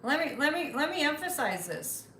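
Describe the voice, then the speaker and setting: Woman, psychic livestream host, somewhat high voice, emphatic, roomy echo. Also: sing-song, moderate pace, pushed and bright, slight background noise. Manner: emphatic, repeats phrases for emphasis. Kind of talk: casual livestream chat reading viewer comments.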